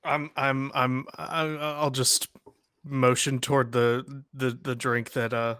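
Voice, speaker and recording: A man's voice: medium pitch, flat delivery, slow, a bit bright, no room sound, studio quality. A man playing a tabletop game, joking and stammering as he speaks. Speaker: player.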